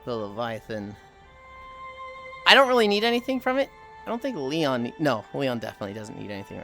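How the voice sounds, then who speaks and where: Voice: mid-range voice, fairly bright tone. A livestreamer chatting casually over a fishing game, swearing freely and sighing often between remarks. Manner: profane, sighs often, chatty. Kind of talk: casual gaming commentary.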